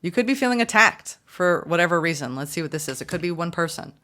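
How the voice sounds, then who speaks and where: Low-voiced upbeat woman tarot reader. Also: fast. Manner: chatty, upbeat, gushing with excitement. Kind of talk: tarot reading for viewers.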